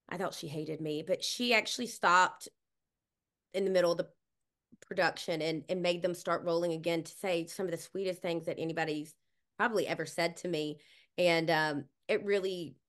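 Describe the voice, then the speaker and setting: A woman's voice: lowish voice, normal speed, fairly bright tone. Chatty, blunt woman in her forties. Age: 40s. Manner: blunt, self-mocking, chatty. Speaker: guest florist. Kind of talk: casual interview storytelling.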